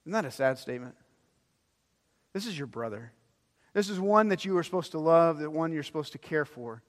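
A man preaching a sermon as pastor, animated, swinging between loud emphasis and hushed low lines. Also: a little fast, in a large hall.

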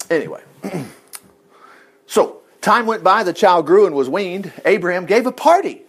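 A man preaching in a folksy, animated way, retelling a story and acting out its people. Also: sits high, a little slow, pauses often, husky. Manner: animated, folksy, acts out quotes in voices. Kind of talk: informal sermon storytelling.

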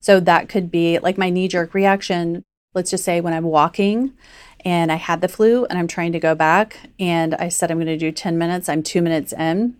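Woman, health coach, podcast chat, low voice, dry close sound, conversational. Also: fairly even intonation, normal speed, smooth, no echo. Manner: chatty, frequent "like", acts out inner voices.

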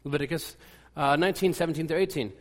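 A man's voice: a little high, quick pace. A man giving a casual, rambling sermon, full of fillers, restarts and wry asides. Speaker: pastor. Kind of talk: conversational sermon. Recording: long hall reverb.

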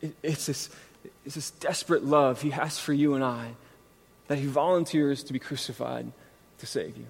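A man's voice: mid-range voice, moderate pace, creaky, husky. Man preaching in a reverberant hall. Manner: conversational, self-deprecating, animated storytelling. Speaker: pastor. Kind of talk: sermon with a personal story. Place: church sanctuary. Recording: long reverb from a large hall.

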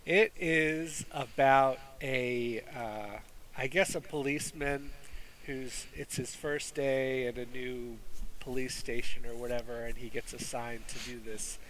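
Man, movie review host, slow unhurried delivery, bright forceful tone, rambling with lots of ums. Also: medium pitch, steady tone, slight background noise, low-quality recording. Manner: rambling, many fillers and restarts. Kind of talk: casual movie review chat.

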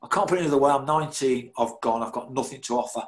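A man's voice: medium pitch, rapid-fire, rough recording. Blunt self-mocking man. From Birmingham, England. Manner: blunt and self-mocking, laughing at himself, swearing freely. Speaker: former footballer telling his story. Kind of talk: candid storytelling.

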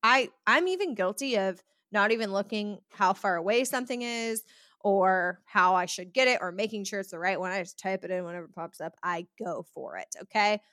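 A woman's voice: medium pitch, fairly quick, fairly bright tone, no echo, clean studio sound. A woman hosting a podcast in a chatty way, often acting out the voices of people she quotes. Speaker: podcast host. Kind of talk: casual podcast talk.

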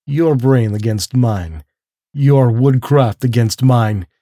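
A man's voice: slow pace, warm tone, no room sound, clean studio sound. A man putting on a silky, courtly aristocrat hunter. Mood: silkily menacing. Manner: polished and genteel, with a lift in pitch. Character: suave courtly aristocratic male hunter, menacing.

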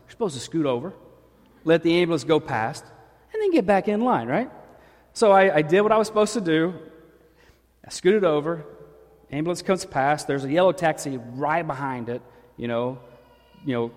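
A pastor preaching from the pulpit of a church, spinning a funny personal story with lively, joking energy. His voice sits a bit high for a man. A long hall echo trails after his words. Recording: echoey hall.

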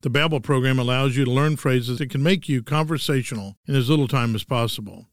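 A man's voice: medium pitch, fairly quick, no echo. A man in his sixties with a Texan accent, hosting a scripted monologue with dry, wry humor. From Texas. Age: 60s. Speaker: host.

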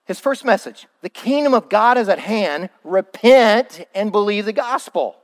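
A male pastor preaching a sermon in a church, acting out quoted excuses in a raised voice. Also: high-pitched.

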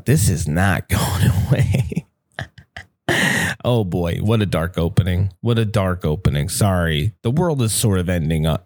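A young man talks into a microphone at his apartment window, drifting from one thought to the next with plenty of swearing and jokes at his own expense. His voice sits somewhat low for a man. The sound is close and dry, with little room in it. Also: darkish tone, dry recording. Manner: rambling, self-deprecating, swears often. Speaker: podcast host. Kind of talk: casual solo podcast monologue. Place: apartment by a window, downtown building. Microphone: studio microphone.

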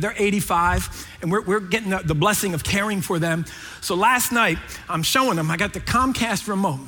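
Middle-aged male preacher, bright sharp voice, joking storyteller, echoey hall. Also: sits high, moderate pace. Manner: animated, jokey, acts out quoted voices. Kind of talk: sermon with humorous storytelling. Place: large church hall.

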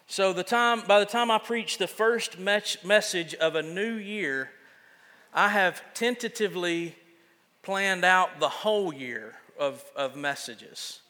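A man's voice: high-pitched, slow, bright, forceful tone, long reverb tail. A man preaching a sermon as pastor, casual and self-deprecating, often restarting his sentences.

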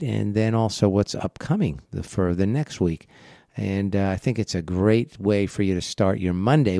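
A man hosting a casual financial radio show, congested from a head cold, talking in a flat, monotone way with many fillers and rambling asides. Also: on the low side, creaky, no echo, clean studio sound. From eastern United States.

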